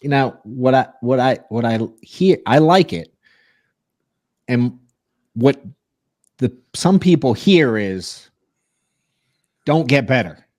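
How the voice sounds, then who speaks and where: A man hosting a podcast in relaxed, slangy casual chat. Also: medium pitch, takes it slowly, long pauses, no echo, clean studio sound. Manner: relaxed, slangy, says "dude". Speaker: podcast host, sales coach.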